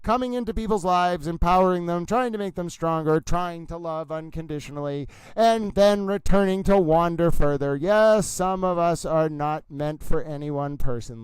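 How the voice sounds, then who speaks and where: A man hosting a livestream, chatting in a silly, theatrical, rambling way and often calling out to "ladies and gentlemen". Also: a little high, moderate pace, clear, resonant tone, dry recording, low-quality recording. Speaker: livestream host. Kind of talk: playful livestream chat.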